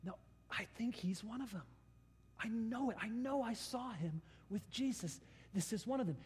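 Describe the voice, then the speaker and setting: Man acting hushed accusing bystander, insistent, high pitch, long reverb. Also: moderate pace, slightly rough, heavily acted.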